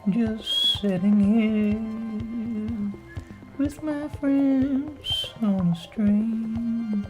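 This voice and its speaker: A man putting on a squeaky, high-pitched silly character voice, sing-song. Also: steady tone, very slow, over music, low-quality recording.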